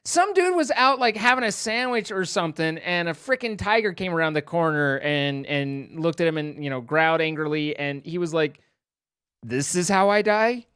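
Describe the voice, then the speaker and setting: A man's voice: on the high side, expressive, moderate pace, hardly any pauses, bright, forceful tone, clear, resonant tone, no echo, studio quality. A man co-hosting a stream, rambling in casual chat with many fillers and restarts. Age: middle-aged. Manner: rambling, self-interrupting, lots of fillers. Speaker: streamer co-host.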